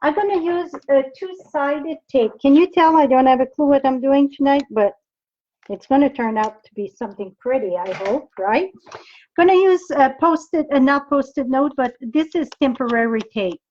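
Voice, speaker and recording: A woman's voice: sits high, normal speed, a little mellow, dull audio. A middle-aged French Canadian woman with a French accent, chatting with viewers while demonstrating card making, thinking aloud as she works. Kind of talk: live-streamed crafting demo.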